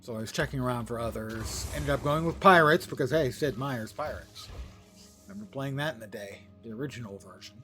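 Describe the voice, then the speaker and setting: A man's voice: mid-range voice, fairly quick, fairly bright tone, soft background music. Drowsy, rambling male game streamer. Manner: rambling, wry self-deprecating asides. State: tired, yawning. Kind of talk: casual live-stream chat while gaming.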